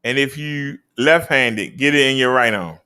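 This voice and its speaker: A man's voice: moderate pace, pushed and bright, clean tone. A man hosting a casual show, reading out daily figures and chatting. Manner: emphatic, swoops up high on key numbers. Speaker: host.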